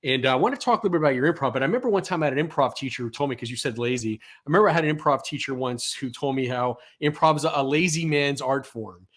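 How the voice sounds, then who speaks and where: Quick-talking man from the Bronx hosting. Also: mid-range voice, fairly bright tone. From the Bronx, New York. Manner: quick, friendly, with short affirmations. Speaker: podcast host. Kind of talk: casual interview chat.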